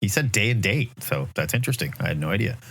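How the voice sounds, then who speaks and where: Guy cohosting a comics podcast, jokey, pitch all over the place, dry sound. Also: quick pace, vocal fry, dry recording. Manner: wisecracking, animated, laughs often. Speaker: podcast co-host. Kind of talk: casual podcast chat.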